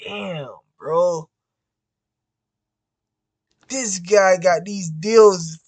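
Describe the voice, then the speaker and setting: A man's voice: high voice, drawn-out words, pauses often. A man who wholesales real estate, venting to the camera in a casual, profane way and ending nearly every phrase with "bro". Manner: frustrated, repetitive, peppers every phrase with "bro".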